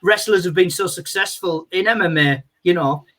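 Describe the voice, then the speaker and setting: A male comedian, a guest on a video call, chatting casually in a rambling, animated way full of "you know". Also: high voice, moderate pace, a crowd in the background.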